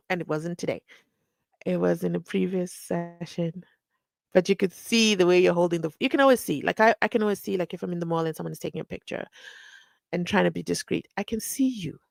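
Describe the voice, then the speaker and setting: A woman's voice: on the low side, brisk, vocal fry, no room sound. A woman hosts a casual live stream, chatting and reading viewer comments aloud with frequent laughs.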